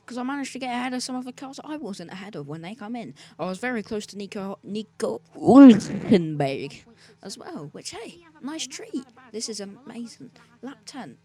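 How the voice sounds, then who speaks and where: A man's voice: high-pitched, warm tone. Joking young guy narrating racing. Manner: joking, self-mocking and sarcastic. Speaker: gaming video creator. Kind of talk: narrated racing game commentary. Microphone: desk mic, sometimes speaking off-mic.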